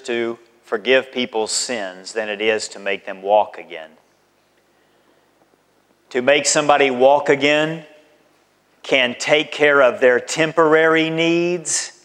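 A man preaching a sermon as pastor, emphatic and deliberate, with dramatic swings in his voice. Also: medium pitch, a bit bright. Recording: long hall reverb.

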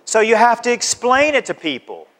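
A man's voice: extremely high pitch, wildly swooping pitch, normal speed, fairly bright tone. A man preaching a sermon, exhorting his listeners with repeated calls and acting out everyday conversations. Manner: exhorting, repetitive, acts out conversations. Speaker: pastor. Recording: long hall reverb.

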